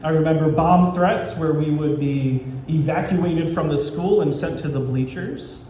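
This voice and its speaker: Serving as pastor, a man preaches a sermon in church, telling stories and acting out dialogue in the voices of God and the people. His voice sits on the high side, mellow and unhurried. The recording carries the echo of a church sanctuary and faint ambient noise.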